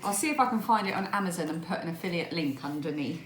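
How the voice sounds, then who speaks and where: A woman's voice: on the low side, expressive, quick pace, echoey room, slight background noise. A woman from England, chatting casually in a home vlog and laughing often. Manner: chatty, laughs often, reads a long list. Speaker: vlogger. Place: home room at a table.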